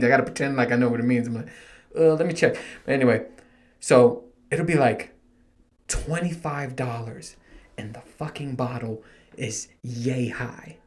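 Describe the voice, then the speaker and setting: A man in his thirties hosting his own podcast, rambling in a casual, profane, self-mocking monologue. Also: mid-range voice. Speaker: podcast host.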